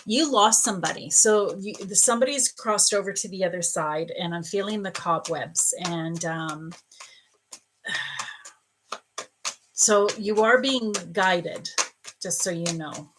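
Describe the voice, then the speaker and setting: A woman's voice: on the low side, noisy background. A middle-aged woman psychic reading for viewers on a live stream, soothing and calling them dear and love. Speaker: psychic reader.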